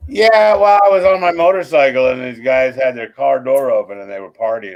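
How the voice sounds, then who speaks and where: A man's voice: mid-range voice, expressive, brisk, hardly any pauses. A man talking as a guest in a casual chat, laid-back and dryly self-mocking.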